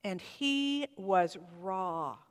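A woman pastor preaching a sermon in a church, heartfelt and reflective, leaning into some phrases and letting others fall quiet. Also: mid-range voice, animated, extremely slow, smooth, long reverb tail.

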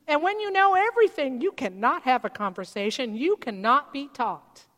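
High-voiced woman preaching in a reverberant church. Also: animated, moderate pace, hardly any pauses, a bit bright. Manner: conversational preaching with rhetorical questions to the congregation. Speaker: pastor. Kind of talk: sermon.

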